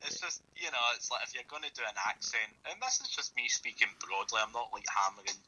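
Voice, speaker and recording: A man's voice: medium pitch, animated, quick pace, sharp tone, husky, poor audio. A man co-hosting a podcast, rambling loosely about a film and swearing casually. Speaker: podcast co-host. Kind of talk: casual film review chat.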